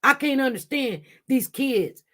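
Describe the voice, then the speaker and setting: A woman's voice: high-pitched, lively intonation, a little slow, fairly bright tone. Impassioned woman livestreaming commentary. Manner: impassioned, repetitive, talks directly to chat. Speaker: livestream news host.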